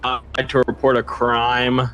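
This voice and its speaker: A man's voice: medium pitch, completely flat delivery, moderate pace, a bit bright. A man calling in during a game roleplay, drowsy and rambling, with crude humor. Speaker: caller. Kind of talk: casual roleplay chat.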